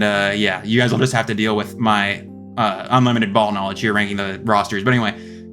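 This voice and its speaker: A man's voice: medium pitch, a bit bright. A young man hosting a casual commentary video, thinking aloud as he ranks team rosters, rambling and correcting himself often. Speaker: esports video host. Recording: faint guitar music behind.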